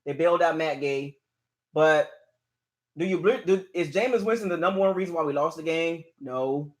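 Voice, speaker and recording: A man hosting his own channel, ranting in frustration as he reacts live to a game. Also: a little high. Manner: frustrated, exasperated, repeats "man" and "dog". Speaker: sports fan channel host.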